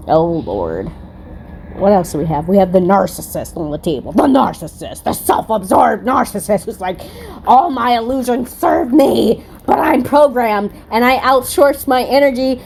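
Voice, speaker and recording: A woman talks through a tarot reading in a casual, blunt way. She swears freely and breaks into laughing asides, and her voice sits at an ordinary pitch. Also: a little mellow. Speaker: tarot reader.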